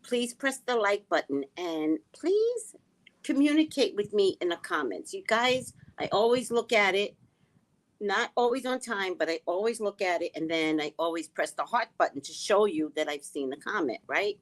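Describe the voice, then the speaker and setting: A middle-aged woman hosting a casual livestream, chatting and reading viewer comments, animated with hushed asides. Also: medium pitch, normal speed. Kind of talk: casual live chat.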